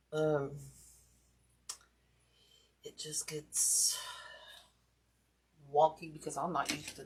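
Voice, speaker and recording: A woman with a lowish, slightly breathy voice hosts a wreath-making class, demonstrating the craft live. She chats casually and directly with viewers, poking fun at herself.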